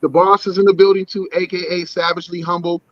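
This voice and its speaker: A man's voice: high-pitched, flat delivery, fast, a crowd in the background. A man hosting a podcast, joking and hyping up his guests in casual banter. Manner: loud, joking, hype. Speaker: podcast host. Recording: muffled with background noise.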